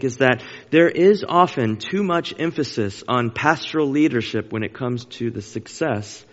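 An earnest man preaches to his congregation, driving his points home by repeating them. His voice has a middle pitch and rings with a long reverb through the church sanctuary. The recording sounds a little dull and lo-fi. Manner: earnest, emphatic, repeats key phrases. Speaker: pastor. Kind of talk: sermon.

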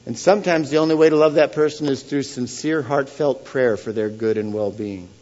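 A man giving a sermon as pastor, earnest and questioning the congregation, swelling to loud emphasis on key points. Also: mid-range voice, a little fast, highs cut off. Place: church.

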